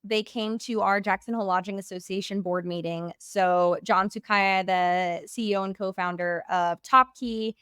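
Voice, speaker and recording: A woman's voice: mid-range voice, steady tone, normal speed, hardly any pauses, a bit bright, clear, resonant tone, no echo, clean studio sound. A young woman hosting a podcast, chatting casually in a bubbly, gushing way and saying "like" often. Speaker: podcast host.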